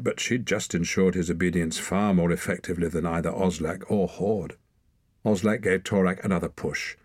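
Low husky male audiobook narrator. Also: no room sound. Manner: measured, expressive storytelling. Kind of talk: scripted narration.

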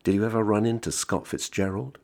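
A man's voice: lowish voice, fairly even intonation, a little fast, darkish tone, pitched above the performer's own voice, close to an everyday voice. A man reading the part of a bored, sardonically joking American man of thirty-five. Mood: wry. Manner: wry, teasing, mock-jovial.

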